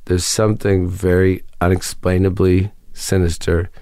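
A man's voice: low-pitched, level tone, unhurried, dark tone, no room sound. A man in his fifties from Ohio, chatting as an interview guest in a dry, wry, meandering way. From Ohio, United States. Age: 50s. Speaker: guest musician. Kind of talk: casual interview chat.

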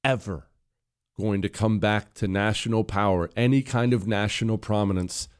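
A man's voice: fairly low pitch, steady tone, moderate pace, clean tone. A man giving political opinion commentary in a sarcastic, scornful way, hammering points through repetition.

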